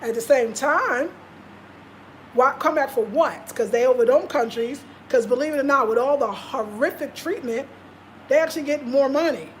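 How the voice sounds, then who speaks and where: A woman's voice: high voice, moderate pace, a little hiss or hum. A woman vlogger talking casually and passionately, repeating her points for emphasis. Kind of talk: casual live-stream talk.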